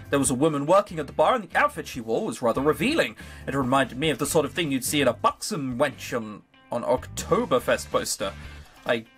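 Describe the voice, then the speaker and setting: A man's voice: medium pitch, fairly bright tone. A man reading a visual novel aloud for a video, with wry, sarcastic asides of his own. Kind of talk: reading aloud with joking commentary.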